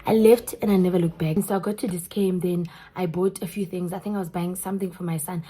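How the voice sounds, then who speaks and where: A young South African woman with a South African accent, telling a story in an animated way straight to her viewers. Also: fairly low pitch, fast, breathy edge. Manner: animated, keeps addressing viewers as guys. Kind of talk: storytime vlog.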